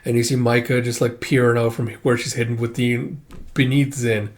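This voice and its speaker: Animated man acting out a comic. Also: mid-range voice, normal speed. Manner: animated, shouts character lines, swears casually. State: dry throat from shouting. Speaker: comic book reader and recapper. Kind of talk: casual comic recap with acted-out dialogue.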